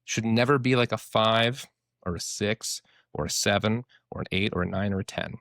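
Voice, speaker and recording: A young man, a therapist, explaining things in a casual podcast chat, animated and casually profane, acting out inner voices. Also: on the low side, moderate pace, dry recording, studio quality.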